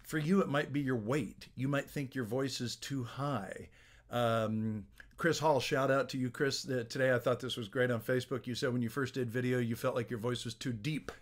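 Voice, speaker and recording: A middle-aged man talks straight to camera, giving a business coach's casual tips on making videos. He speaks at an ordinary pitch and keeps a loose, friendly, conversational flow with many small restarts and fillers. The sound comes from a small plug-in phone mic in a home office lined with books. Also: fairly even intonation, moderate pace. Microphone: small plug-in phone microphone.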